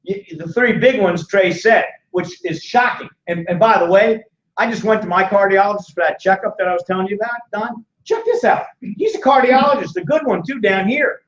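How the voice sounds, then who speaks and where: A man in his sixties giving a joking, animated financial sales seminar, firing questions at a small audience. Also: high voice, normal speed. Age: 60s. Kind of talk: lively sales seminar talk. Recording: echoey dull room sound from far off.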